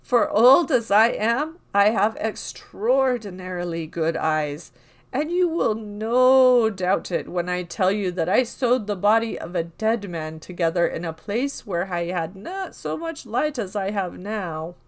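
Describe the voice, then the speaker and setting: A woman's voice: mid-range voice, animated, a little slow, natural voice. A woman voicing a proud, cagey old male cobbler who boasts of his good eyes in a storybook reading.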